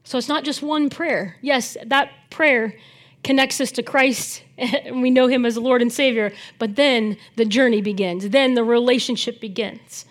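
A woman delivers a sermon at a measured pace, her voice on the high side. She preaches animatedly, contrasting loud, emphatic lines with soft near-whispers, and now and then converses with the congregation.

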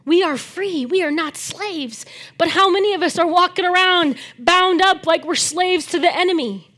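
A woman with a very high voice preaches a sermon at normal speed. She is animated, swinging between loud emphasis and soft, almost whispered asides. Now and then she chats with the congregation.

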